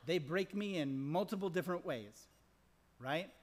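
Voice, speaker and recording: A middle-aged man preaching a sermon as pastor, impassioned, repeating phrases, swinging from loud emphasis to hushed whispers. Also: high voice, normal speed. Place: large church sanctuary. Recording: long church reverb.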